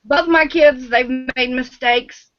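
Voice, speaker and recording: A woman's voice: high voice, slow, no room sound. A middle-aged woman talking frankly and animatedly, laughing often, in a casual group chat. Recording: dull, dry sound.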